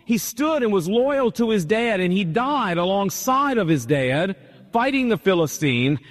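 A man pastor preaching a sermon, retelling a story with animated, emphatic repetition, in a church hall. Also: high-pitched, a little slow. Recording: long hall reverb.

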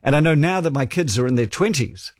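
A man's voice: a little high, animated, brisk, darkish tone, dry recording, studio quality. A man in his forties with a New Zealand accent, hosting a talkback radio show and telling stories in a chatty, wry way.

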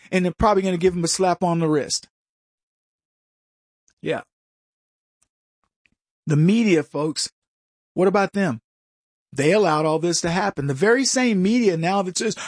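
A man with a high-pitched voice rants through a combative opinion monologue, mocking his critics and mimicking them in put-on voices. The sound is dry and close, with almost no room. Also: moderate pace, pauses often, no room sound. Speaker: commentary show host.

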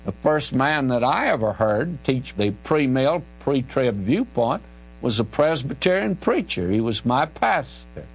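A man's voice: medium pitch, husky, poor audio. An older man, a Bible teacher answering listener questions on radio in an emphatic, folksy, conversational way. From Southern United States. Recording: archival radio recording with mains hum.

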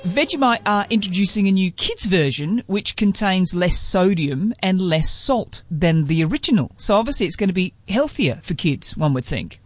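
A woman's voice: mid-range voice, animated, normal speed, hardly any pauses, soft background music. A woman with an Australian accent, hosting a casual radio chat and telling a playful story. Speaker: radio host. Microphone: studio microphone.

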